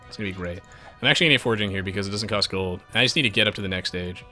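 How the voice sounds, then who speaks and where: A man's voice: fairly low pitch, racing, bright, forceful tone, soft background music. A man live-streaming a strategy game, chatting with viewers in a self-mocking, rambling way with lots of restarts.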